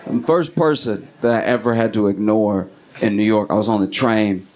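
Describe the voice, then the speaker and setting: A man doing a stand-up comedy set on stage, telling stories in an animated way and acting out the voices of people in them. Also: on the low side, normal speed. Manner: animated storytelling with acted-out voices. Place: comedy club stage before a laughing audience. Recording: noisy live club recording.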